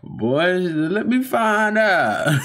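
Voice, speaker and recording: A man's voice: fairly high pitch, very animated, normal speed, a bit bright, slight background noise. A man hosting a reaction video, talking casually in slang and often repeating himself as he stops to comment.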